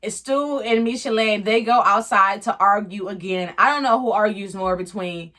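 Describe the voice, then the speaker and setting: A woman's voice: mid-range voice, normal speed, pushed and bright. Blunt, slangy woman reviewing TV. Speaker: reality TV reviewer. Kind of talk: casual review commentary.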